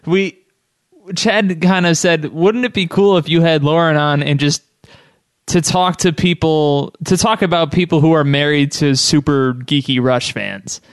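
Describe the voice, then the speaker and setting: A man's voice: fairly high pitch, a little slow, smooth, dry recording, studio quality. A man hosting a podcast, chatting casually and enthusiastically in loose, rambling phrases. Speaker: podcast host. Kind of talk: casual chat.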